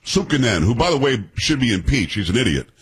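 A man's voice: medium pitch, sing-song, brisk, husky. A man in his sixties hosting a political talk radio show, blunt and sarcastic, quizzing his co-hosts and ranting at the news.

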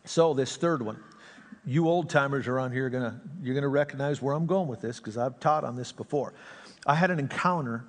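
A male pastor preaching a sermon, telling stories with jokes and dropping his voice for asides. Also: medium pitch. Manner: joking, storytelling, drops voice for asides. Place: church sanctuary. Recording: long reverb of a church sanctuary.

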